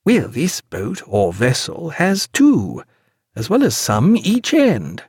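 A wry ship's doctor speaks with mild, dry irony, as a man puts him on. His voice stays close to the reader's own with lively inflection. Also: a little high, takes it slowly, husky, dry recording, exaggerated voice. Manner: wry, mildly ironic.

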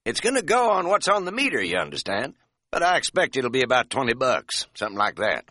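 A man's voice: mid-range voice, very animated, fairly quick, pushed and bright, dry recording, clean studio sound, pitched above the performer's own voice. A man voicing a feisty older cab driver who barks and jokes in a folksy way. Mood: feisty amused. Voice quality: barking, folksy. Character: feisty older male backwoods cab driver, gruff and joking.

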